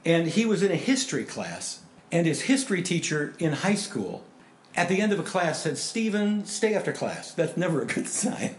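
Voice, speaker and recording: A male pastor preaching a sermon with stories, animated, swinging between loud emphasis and hushed softness. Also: on the high side, moderate pace, slight background noise. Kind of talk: sermon with storytelling. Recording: echoey room with faint background ambience.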